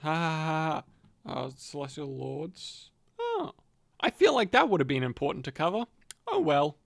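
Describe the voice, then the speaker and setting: A man's voice: fairly high pitch, wildly swooping pitch, normal speed, gravelly, no room sound, studio quality. A man co-hosting a podcast, telling fantasy lore in a rambling, profane, joking way. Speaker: podcast co-host narrating lore. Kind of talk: casual lore chat.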